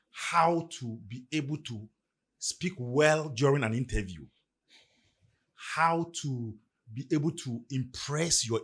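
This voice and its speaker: On a motivational podcast, a middle-aged Ghanaian guest speaks in Ghanaian-accented English with a medium, fairly bright, slightly rough voice. His manner is emphatic and preacherly, rising and falling as he makes his points.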